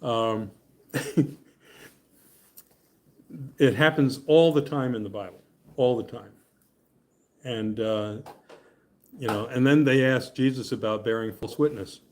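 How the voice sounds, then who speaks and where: A man's voice: medium pitch, takes it slowly, long pauses, darkish tone. Chatty man teaching a Bible class. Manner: chatty and joking, often laughing and checking in with "okay?". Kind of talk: casual Bible study teaching and scripture reading.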